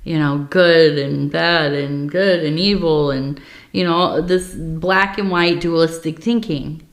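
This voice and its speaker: Woman reader, gentle and musing, unhurried delivery, recorded in an echoey room. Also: low voice. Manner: soft, reflective, meandering with many fillers. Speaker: tea leaf reader. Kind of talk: intimate spoken reading. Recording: roomy echo.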